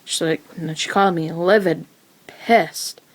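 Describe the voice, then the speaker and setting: A woman's voice: fairly low pitch, steady tone, measured pace. A teenage woman telling her own story in a rambling, casual way, full of fillers and restarts. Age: teens.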